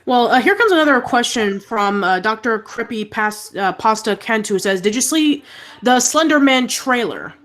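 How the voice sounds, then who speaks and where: A woman's voice: a little high, animated, normal speed, fairly bright tone. A woman co-hosting a live show, casually reading out viewer questions with slight stumbles. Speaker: co-host reading viewer comments. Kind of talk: casual live-stream chat.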